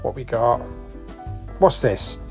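Speaking slowly in a creaky, medium-pitched voice, a British vlogger films his way around a shop, jokingly listing disc titles and prices in a chatty, lively manner. Faint music runs behind him.

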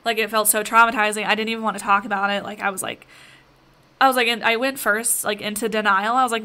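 Bright, chatty woman podcast host. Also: medium pitch, steady tone, fast talker. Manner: chatty, filler-heavy, addresses listeners directly. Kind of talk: casual spiritual podcast monologue.

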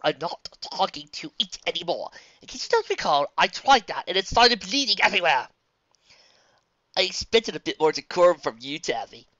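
A woman voicing a nervous, prim female pony in a fan audiobook reading, high-strung and fussy. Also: sing-song, normal speed, a bit bright, no echo, lo-fi sound. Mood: panicky.

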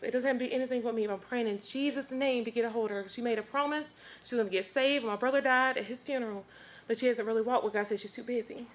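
A woman with a high voice gives an emotional testimony before a church congregation. She talks to them directly, earnest and heartfelt throughout. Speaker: church member giving testimony.

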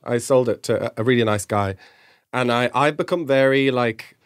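A man's voice: medium pitch, moderate pace, no echo, studio quality. A young Irish man, co-host of a podcast, telling a rambling, self-mocking story in casual chat.

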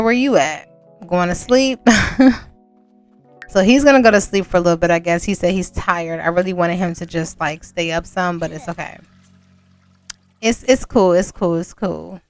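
A woman's voice: fairly low pitch, clean tone. A woman giving casual let's-play commentary in a chatty way, laughing often and talking straight to her viewers. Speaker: gaming channel host.

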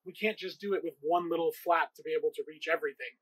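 Guy with a high husky voice, joking around while showing off his garden build. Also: fairly even intonation, quick pace, a bit bright, rough recording. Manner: chatty, self-mocking, jokey. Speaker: co-host. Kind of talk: casual DIY gardening vlog.

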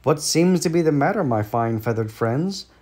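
A man's voice: fairly high pitch, animated, normal speed, a little mellow, lightly acted. A man with an American accent voicing a sly, smirking male fox who purrs false kindness in a storybook read-aloud. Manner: sly, purring, falsely kind.

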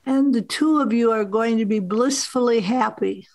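A woman's voice: fairly high pitch, normal speed, darkish tone, no room sound, natural voice, low-quality recording. A woman doing a delighted benevolent God.

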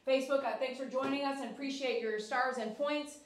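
A woman dog groomer on a live stream, softly coaxing a dog as she trims it, then cheerfully greeting and thanking her viewers. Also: sits high, fairly even intonation, brisk, echoey room, a little hiss or hum. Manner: coaxing, sing-song baby talk to the dog; cheery, loud sign-off reading viewer comments. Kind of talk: soft talk to a dog while grooming, then upbeat chat with live viewers.

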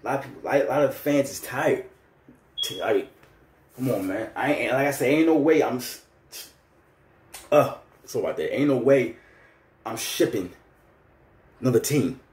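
A fired-up man in his thirties goes on a heated fan rant, loose and slangy. His Philly is clear, and his mid-pitched voice rings in an echoey room. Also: animated, normal speed, pauses often, a little mellow, slight background noise. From Philadelphia. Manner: heated, ranting, street slang. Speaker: vlogger.

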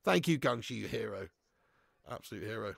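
A young man hosting a live football watch-along, chatting with viewers in a laddish, sweary way and breaking into shouts at big moments. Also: fairly low pitch, lively intonation, fairly quick, vocal fry, no room sound. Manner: laddish banter, swears freely, reads chat aloud, bursts into shouts. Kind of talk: live stream chat and commentary.

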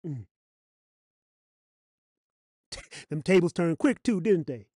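A preacher delivering a dramatic sermon, with sing-song repetition, drawn-out mocking phrases and chuckles. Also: medium pitch, animated, warm tone, no echo, studio quality.

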